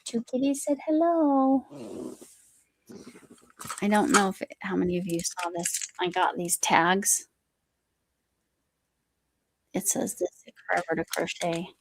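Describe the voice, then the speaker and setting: Chatty lady on a crochet livestream, kinda gravelly voice, dry close mic. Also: medium pitch, no echo. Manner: chatty, reads viewer comments aloud, talks to her cat. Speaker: livestream host. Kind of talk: casual live chat while crocheting.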